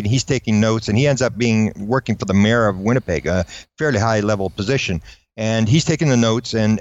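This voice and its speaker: Male storyteller, quick and animated, does little voices for quoted people; close, dry, slightly dull mic. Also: medium pitch, dry recording. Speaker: guest recounting UFO encounters. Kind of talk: anecdotal storytelling.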